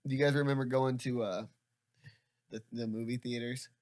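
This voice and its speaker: A man's voice: medium pitch, fairly even intonation, normal speed, darkish tone, no echo, studio quality. Rambling, swearing young man. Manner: rambling, laughs often, swears freely. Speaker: podcast host. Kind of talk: casual storytelling chat.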